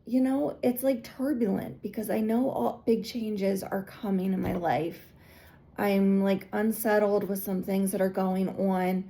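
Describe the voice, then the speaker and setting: Gravelly-voiced woman telling a heartfelt story. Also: mid-range voice, warm tone. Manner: chatty and earnest, heavy use of "like". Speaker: spiritual guide and channel. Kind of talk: casual confessional storytelling.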